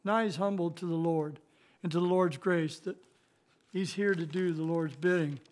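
Middle-aged male Bible teacher, high-pitched voice, plain-spoken and halting, slows for scripture. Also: steady tone. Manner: reads scripture slowly, rising louder on key verses.

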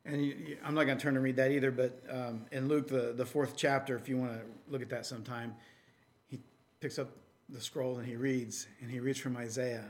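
A man's voice: mid-range voice, little pitch movement, a little fast. A man preaching a sermon in a conversational way, with many fillers and restarts, and reading scripture aloud in a raised, emphatic voice.

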